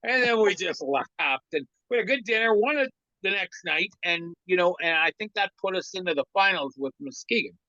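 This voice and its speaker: A man's voice: high-pitched, a little fast, no room sound. A man in his sixties, a former hockey trainer turned comedian, telling a long anecdote as an interview guest and acting out the quoted lines of the people in it. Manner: lively yarn-spinner who acts out other people's quoted lines. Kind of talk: anecdotal storytelling in a podcast interview. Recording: dry, slightly muffled sound.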